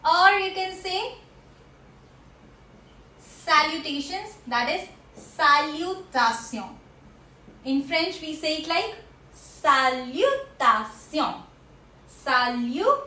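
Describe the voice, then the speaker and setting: A woman teaching a French class, slowly repeating each word for her learners. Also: very high-pitched, sharp tone. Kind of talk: classroom language lesson. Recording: echoey room.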